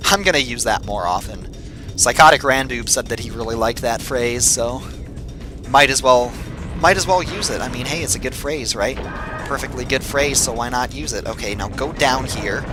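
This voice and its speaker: A young man giving casual gameplay commentary, excitable and quick to swear and yell when he gets frustrated. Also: mid-range voice, music in the background.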